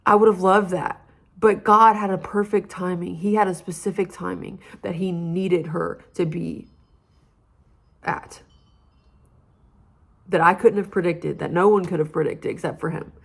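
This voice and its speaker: A woman's voice: lowish voice, fairly even intonation, unhurried, gravelly, long pauses. A young woman giving an earnest, heartfelt personal testimony about her campus ministry.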